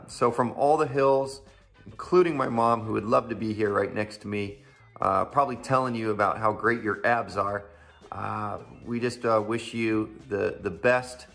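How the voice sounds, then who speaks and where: A man giving a heartfelt video birthday tribute, halting, with many restarts. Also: on the low side, creaky, fairly bright tone. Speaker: friend sending a video greeting.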